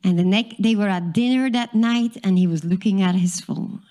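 A woman's voice: mid-range voice, normal speed, dark tone. A woman telling a dramatic story to an audience, drawing listeners in with questions.

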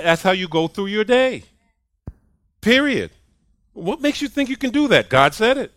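A man preaching a sermon on a clip-on mic, emphatic and repetitive, swinging from soft asides to loud declarations. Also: high voice, lively intonation, normal speed, no echo. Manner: emphatic, punches points with "period" and repeats lines.

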